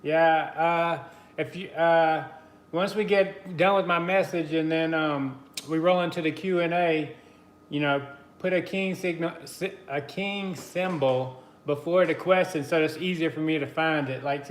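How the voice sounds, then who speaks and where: Guy chatting on his live stream, bit high voice, echoey room, greets everyone by name. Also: fairly even intonation, measured pace. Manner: chatty, greets viewers by name, laughs easily. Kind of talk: casual live stream chat. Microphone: computer mic on a live stream.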